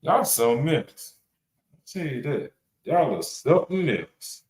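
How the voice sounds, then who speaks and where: A man's voice: mid-range voice, big pitch swings, measured pace, a little mellow. A man hosting a reaction podcast panel, talking in a blunt, rambling, casual way with plenty of swearing and fillers. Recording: roomy echo.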